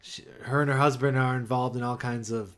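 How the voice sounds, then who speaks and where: Dry, sarcastic podcast co-host. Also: male voice, mid-range voice, brisk. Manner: dry, sarcastic, relaxed delivery. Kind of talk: casual political chat.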